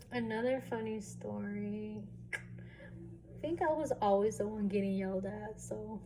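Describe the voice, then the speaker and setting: Slow, candid young woman vlogging. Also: medium pitch, slight background noise. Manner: candid, relaxed, lots of fillers and some swearing. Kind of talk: casual storytelling vlog.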